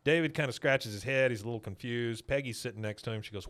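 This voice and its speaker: A man's voice: medium pitch, fairly bright tone. A man co-hosting a podcast, casually retelling a cartoon episode and briefly slipping into voices for the characters' lines. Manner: acts out characters' lines in quick put-on voices. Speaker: podcast co-host recapping episodes. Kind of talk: casual chat, retelling scenes.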